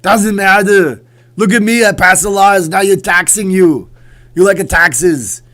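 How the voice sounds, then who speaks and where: A man putting on a loud, bragging impression of a famous Austrian-accented bodybuilder governor, in broken English. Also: high voice, unhurried, voice pushed up. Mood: boastful.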